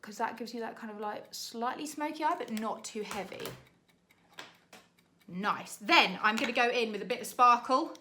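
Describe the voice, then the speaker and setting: A young British woman, a makeup artist, chatting to camera in a rushed, laughing tutorial while doing her makeup. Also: a little high, bright, forceful tone, a little hiss or hum. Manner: chatty, rushed, laughing under time pressure.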